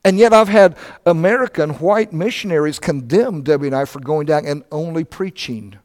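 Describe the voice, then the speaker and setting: An older man preaching a sermon, telling stories in a conversational, animated way. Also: a little high, moderate pace, long reverb tail. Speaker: pastor.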